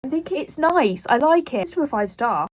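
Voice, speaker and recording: A woman's voice: sits high, very animated, normal speed. A woman in her late twenties talks casually to camera as a book vlogger, rambling and poking fun at herself. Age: 20s. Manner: rambling, self-deprecating, chatty.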